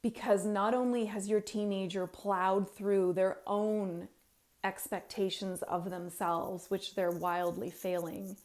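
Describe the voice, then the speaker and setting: A woman gives heartfelt advice to parents of teenagers. She talks slowly, in an earnest, pleading tone with emphatic pauses, at a middling pitch. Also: a little mellow. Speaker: parenting coach.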